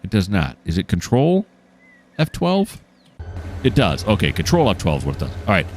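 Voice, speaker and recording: A man's voice: sits low, wildly swooping pitch, quick pace, soft background music. A man giving casual, enthusiastic commentary while playing a train simulator, explaining each step as he goes. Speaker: gameplay streamer.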